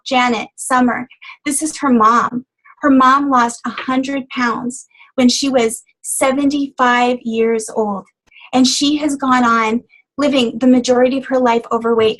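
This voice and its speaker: A woman's voice: sits high, rough recording. A middle-aged woman health coach sharing her story on a call, earnest and choked up, with many fillers. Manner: earnest, emotional, frequent fillers. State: tearful, choked up. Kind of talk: motivational testimonial on a conference call. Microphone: phone call.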